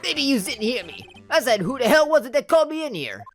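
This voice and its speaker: A woman's voice: on the low side, very animated, fairly quick, faint music behind. A woman voicing a hot-tempered male loan-shark boss, using a bad Brooklyn accent and barking threats. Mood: menacing. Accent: Brooklyn, put on badly. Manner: gruff, shouting threats.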